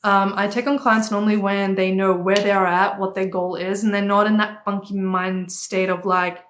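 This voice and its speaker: A woman's voice: mid-range voice, little pitch movement, moderate pace, a bit bright, slight background noise. A young woman with a non-native accent coaching viewers on a livestream in a direct, chatty way, stopping now and then to thank commenters. Her voice sits in a middle range. Her phone picks up the echo of a bare room. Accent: non-native accent, origin unstated. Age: young adult. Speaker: dating and life coach. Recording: echoey room.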